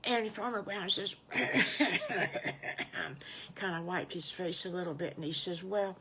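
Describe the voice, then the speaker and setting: An older woman with a Southern US accent telling her own made-up story in a homey, folksy, unhurried way. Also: fairly low pitch, noisy background. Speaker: storyteller grandmother. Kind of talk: improvised bedtime storytelling.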